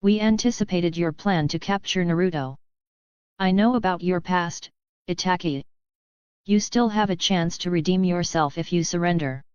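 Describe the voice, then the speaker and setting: A woman reading the part of an older male ninja mentor who speaks calmly but firmly. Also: lowish voice, normal speed, smooth, no room sound, lo-fi sound, natural voice. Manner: calm but firm.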